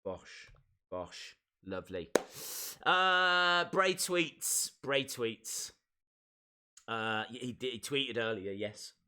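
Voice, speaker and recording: A man's voice: medium pitch, expressive, extremely slow, pushed and bright, clear, resonant tone. A man hosting a casual live stream, chatting and reading viewer comments aloud with lots of repeated phrases.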